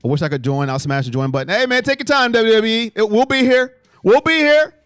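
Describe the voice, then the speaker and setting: Animated male live-stream host, high lively voice. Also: quick pace, clean tone, no room sound, studio quality, faint music behind. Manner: animated, jumps between low mutters and loud exclamations. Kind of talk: casual live chat reading fan comments.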